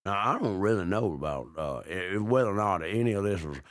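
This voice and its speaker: A man voicing a folksy, gun-toting Southern farm gentleman with an American Southern accent, drawling and polite in an improvised comedy podcast. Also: deep voice, lively intonation, brisk, dry recording, clean studio sound. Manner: drawling, polite yes-sirs, menacing.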